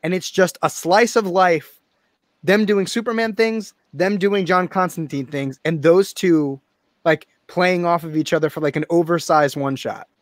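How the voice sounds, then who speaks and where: An animated man co-hosting a comics talk show, laughing as he tosses out story ideas. His voice sits a little high and the sound is dry and close. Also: unhurried, dry recording. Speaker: podcast co-host. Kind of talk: casual chat.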